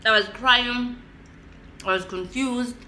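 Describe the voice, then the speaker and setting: Bright-voiced young South African woman telling a story. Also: fairly high pitch, slow, roomy sound, slight background noise. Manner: animated, switching between English and isiXhosa, acting out her own reactions. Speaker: vlogger. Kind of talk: casual storytelling.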